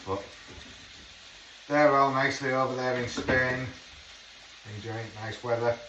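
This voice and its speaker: A man's voice: medium pitch, steady tone, unhurried, pushed and bright, roomy sound. Man, middle-aged, chatty home cook, noisy kitchen, mic far away. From England. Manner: chatty, swears under his breath. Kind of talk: casual cooking vlog chat.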